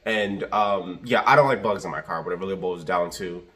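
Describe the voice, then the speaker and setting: A man with a somewhat low voice tells a story in a casual vlog style. He rambles and circles back, heavy on fillers. He speaks from inside his car. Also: fairly quick, fairly bright tone. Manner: rambling, repeats himself, lots of fillers. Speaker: rideshare driver and vlogger.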